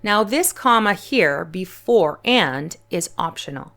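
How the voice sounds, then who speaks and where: A woman's voice: fairly low pitch, lively intonation, slow pace, a bit bright. Woman teaching an English grammar lesson. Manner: clear, patient explaining.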